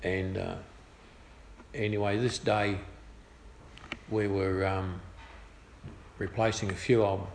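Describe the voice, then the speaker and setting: A man's voice: low voice, slow pace, pauses often, slight background noise. A middle-aged man with an Australian accent tells a personal story in a chatty, good-humoured way. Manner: chatty, good-humoured, lively voiced quotes. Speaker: speaker sharing a personal testimony. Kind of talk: casual storytelling. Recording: echoey room with faint ambience.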